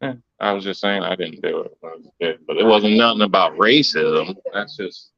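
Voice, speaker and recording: A man's voice: low-pitched, fairly quick, gravelly, fairly bright tone, no room sound, lo-fi sound. A man co-hosting a casual podcast chat, ranting bluntly and swearing often. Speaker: podcast co-host.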